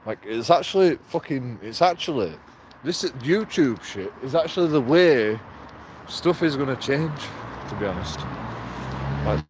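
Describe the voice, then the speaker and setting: A man rambles through a casual vlog monologue at a middling pitch. He swears freely and breaks into chuckles as he talks. A faint hum of a moving vehicle sits underneath. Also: big pitch swings, unhurried, a little mellow. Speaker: vlogger.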